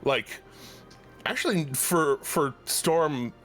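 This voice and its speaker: Halting, laughing game master man. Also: a little high, animated, fairly bright tone, faint music behind. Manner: halting, many restarts, laughs often. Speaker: dungeon master. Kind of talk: running a tabletop game, casual chat.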